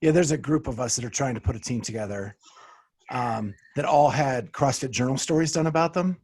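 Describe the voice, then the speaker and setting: A middle-aged man hosting a podcast, asking friendly questions in a relaxed, laughing way. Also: medium pitch, brisk, breathy edge. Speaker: podcast host. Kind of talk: casual interview.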